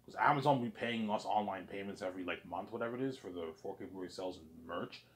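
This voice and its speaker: A man's voice: lowish voice, quick pace, a little hiss or hum. A man in a casual monologue who rambles and uses lots of "like" and "man" and some swearing. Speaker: channel host.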